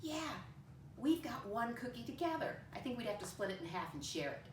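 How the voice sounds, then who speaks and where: A woman teacher speaks to young children in a sing-song way and spells words out slowly, one letter at a time. She sounds a little far from the mic. The room around her is echoey, with faint ambient noise. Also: fairly high pitch, big pitch swings. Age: adult with a son. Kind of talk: first-grade math lesson.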